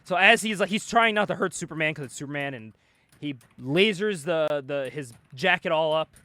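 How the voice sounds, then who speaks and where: A man hosting a podcast, casually retelling a comic book story with animated energy, frequent laughs and swearing. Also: fairly high pitch, moderate pace, dry recording. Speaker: podcast host recapping a comic. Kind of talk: casual chat.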